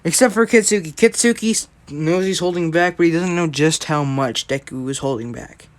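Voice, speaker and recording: A man's voice: on the high side, normal speed. Rambling man making up a story. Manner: rambling, constantly checking in with "right?"; changes details mid-thought. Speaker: fan storyteller. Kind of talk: improvised casual storytelling.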